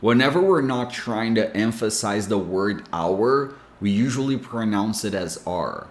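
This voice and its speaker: A man teaching English pronunciation, giving clear, deliberate explanations and spelling out sounds. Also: on the low side, animated. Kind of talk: scripted lesson explanation. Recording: echoey room.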